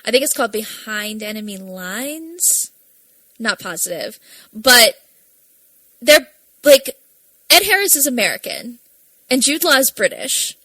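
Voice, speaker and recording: Young woman podcast co-host, bright, chatty, swears freely, dry close sound. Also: a little high, very animated, a little slow, pauses often, no echo, poor audio. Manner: chatty, laughs often, swears casually. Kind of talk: casual chat.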